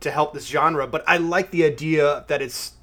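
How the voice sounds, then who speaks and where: A man's voice: a little high, moderate pace, a bit bright. A man in casual conversation about a film, chatty, laughing easily and questioning his co-host. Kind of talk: casual film review chat.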